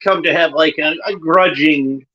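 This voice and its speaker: A man hosts a watchalong, talking casually over a cartoon. He is chatty and enthusiastic, with quick offhand asides. His voice is bright, and the recording is dull and lo-fi. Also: a little high. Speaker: watchalong host.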